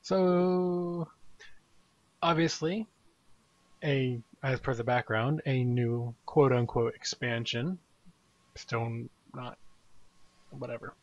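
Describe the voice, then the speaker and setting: A man's voice: mid-range voice, slow, pauses often, dry recording, muffled recording. A man hosting a casual live gaming podcast, rambling in a laid-back way with small chuckles. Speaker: podcast host.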